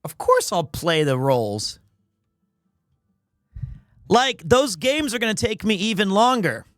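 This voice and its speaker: A young male streamer with a high, lively voice that swings widely as he jokes with chat. He talks casually and teases himself, recorded dry and close to the mic. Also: takes it slowly, no echo. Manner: animated, joking, self-deprecating.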